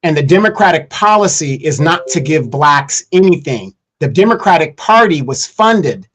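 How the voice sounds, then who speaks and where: Lecturing high-voiced man livestream host. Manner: lecturing, makes pointed arguments, sarcastic asides. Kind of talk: casual political commentary.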